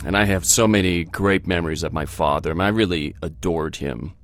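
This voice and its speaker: A man's voice: low-pitched, a little fast, slight background noise. A man telling a fond, earnest story about his father. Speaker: guest sharing a memory. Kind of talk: reflective storytelling.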